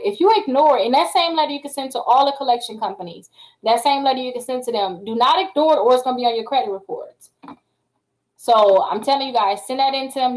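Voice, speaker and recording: A high-voiced woman talks to her viewers in a chatty, animated way. She coaches on credit repair in a loose, casual live-stream style. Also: poor audio.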